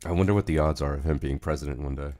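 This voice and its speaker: A man's voice: rumbling low, racing. A man hosting a casual livestream, chatting in a rambling, profane way. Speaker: livestream host.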